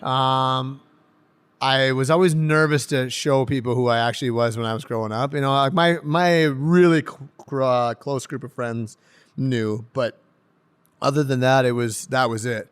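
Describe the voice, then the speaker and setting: An excitable man who laughs his way through his stories on a podcast, his voice climbing whenever he gets going. The tone is smooth and resonant, with a relaxed, chatty flow. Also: medium pitch, moderate pace. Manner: animated storyteller who laughs often and gets loud when excited. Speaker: pro hockey defenseman guest. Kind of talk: casual podcast interview.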